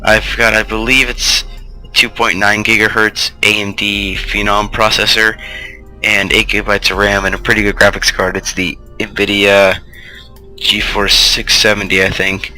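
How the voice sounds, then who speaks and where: A man's voice: on the low side, little pitch movement, moderate pace, sharp tone, faint music behind, rough recording. A man hosting a let's play, giving loose, rambling gameplay commentary full of asides.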